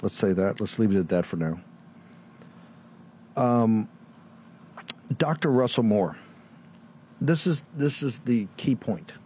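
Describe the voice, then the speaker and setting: A man's voice: fairly low pitch, expressive, takes it slowly, long pauses, mellow, slight background noise. A man from Virginia hosting a show, delivering a combative political commentary monologue full of rhetorical questions and mocking asides. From Virginia, USA. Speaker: show host.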